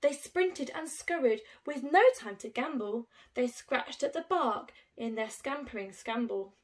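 A woman teacher reading a rhyming picture book aloud to young children in an expressive, sing-song way. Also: fairly high pitch, unhurried.

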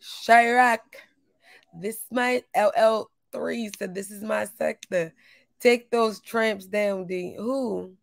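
A woman hosting a livestream, greeting her chat by name and ranting loudly with lots of profanity and laughter. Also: medium pitch, fairly even intonation, slow, gravelly, no echo, clean studio sound. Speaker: livestream host.

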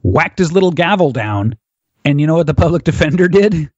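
This American man, a guest on an interview podcast, talks a little fast with a slightly high, darkish voice and lively intonation. He tells a vivid personal story, chuckling and acting out what others said. The lo-fi audio is dull and dry, with no echo.

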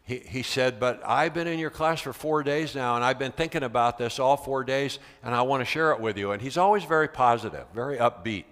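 A man from the United States gives a conference talk as a veteran teacher, in an ordinary middle pitch. He tells stories from his classroom in a lively way and acts out both sides of the dialogue. His voice rings with the long reverb of a big convention hall. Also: fairly quick, hardly any pauses. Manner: animated storyteller, acts out quoted dialogue. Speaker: keynote speaker, veteran teacher. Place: large convention center hall.

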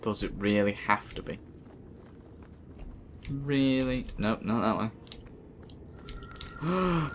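A man's voice: medium pitch, expressive, slow, long pauses, a little hiss or hum. A man giving casual let's play commentary over a game, sarcastic and mumbling, with swearing. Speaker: gaming video host.

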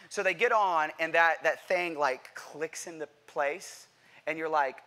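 A man preaching a sermon to a church congregation, animated and playful, asking the crowd questions and acting out what people say. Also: fairly high pitch, moderate pace, clean tone. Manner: animated, playful, acts out quotes; addresses congregation directly with questions. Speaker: pastor. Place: church sanctuary.

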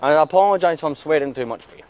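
A man's voice: a little high, very fast, a little mellow. A man vlogging outdoors in town, chatting casually and ranting with heavy swearing. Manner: angry swearing rant. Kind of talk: casual vlog chat.

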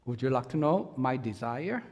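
A man's voice: mid-range voice, expressive, moderate pace, a little mellow. Earnest male pastor in a big echoing church. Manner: earnest, emphatic, with rising bursts of energy. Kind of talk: sermon. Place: church sanctuary. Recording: reverberant church sanctuary.

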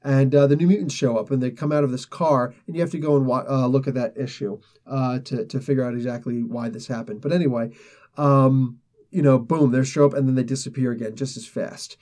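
A man's voice: medium pitch, fairly even intonation, fairly quick, darkish tone. A man hosting a casual comic book review, retelling a story in a rambling way full of fillers.

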